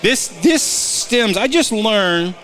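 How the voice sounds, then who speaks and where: A man's voice: high-pitched, lively intonation, slow, sharp tone. A man co-hosting a golf podcast in casual chat, giving betting picks and teasing his partner with stop-start banter.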